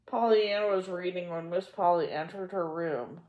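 A woman hosting a storybook reading, narrating in a gentle, measured way. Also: low voice, steady tone, highs cut off. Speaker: storybook reader. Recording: echoey room.

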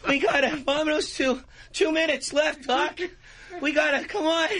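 A man doing a high excitable Latino guy. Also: a crowd in the background. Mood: excited. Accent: exaggerated Mexican-American put-on. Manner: high, drawn-out, laughing delivery. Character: Mando, a loud young Latino man from San Diego, excitable.

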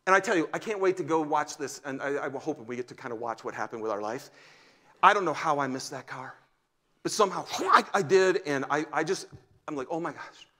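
A man in his fifties, a pastor, preaching a sermon and telling stories, swinging from loud exclamations to hushed near-whispers. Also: on the high side, fairly quick. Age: 50s. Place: church sanctuary.

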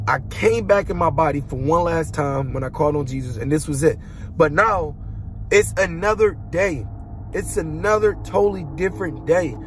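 A young man with a high voice tells his story as a heartfelt testimony. He speaks casually and dramatically, mimicking booming noises as he goes. An instrumental track plays clearly behind him. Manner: dramatic, colloquial, imitates booming sounds. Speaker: vlogger giving a testimony. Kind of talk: emotional personal testimony. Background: instrumental music.

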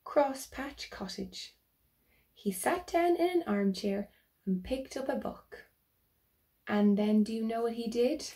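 Teacher lady reading a kids book aloud, slow and gentle, low mellow voice with some fry. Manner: slow and gentle, asks the children questions.

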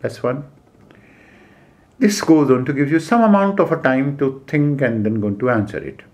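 A man with an Indian English accent lecturing as an exam coach, giving numbered points with frequent "uh" pauses and repeated key phrases. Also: mid-range voice, animated, darkish tone. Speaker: civil service exam coach. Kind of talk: classroom lecture.

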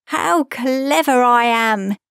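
A proud, boastful young boy speaks in a raised, lighter pitch, voiced by a woman reading an audiobook. His lines come slowly and curtly, as if nothing could ever be his fault. The recording is dry and close. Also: lively intonation, dry recording. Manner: boastful and curt. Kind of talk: audiobook character voice.

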